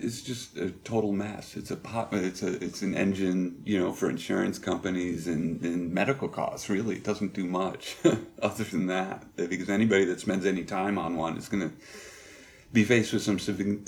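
A middle-aged man telling personal stories as an interview guest, halting and reflective with many pauses. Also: low voice, gravelly, a little mellow. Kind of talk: candid personal storytelling.

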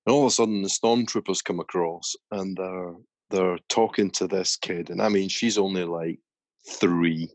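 A man with a very low voice tells a long story in easy, chatty podcast talk. The sound is close and dry, with no room around it. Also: steady tone, moderate pace, no room sound. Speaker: podcast host. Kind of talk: casual chat.

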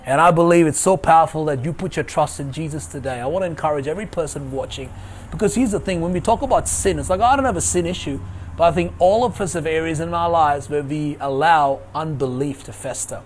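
A man's voice: fairly high pitch, fast, a little hiss or hum. A man preaching an online sermon as pastor, emphatic and repeating his key phrases. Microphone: video call.

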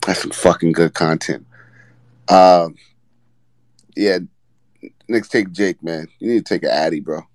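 Male podcast host, low voice, casual and profane, dry close mic. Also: unhurried, long pauses, darkish tone, no room sound, poor audio. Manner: loose, profane, lots of restarts. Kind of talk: casual sports podcast chat.

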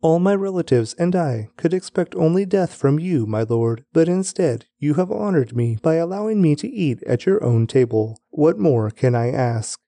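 A man's voice: on the high side, animated, moderate pace, few pauses, mellow, no room sound. A man reading as a humble pleading nobleman.

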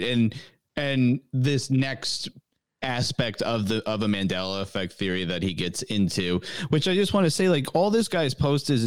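A young man rambles through a casual podcast chat, stacking up fillers and breaking into laughs. His voice sits at an ordinary pitch. It is recorded close and dry, with no room sound. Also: clear, resonant tone, dry recording. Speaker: podcast co-host.

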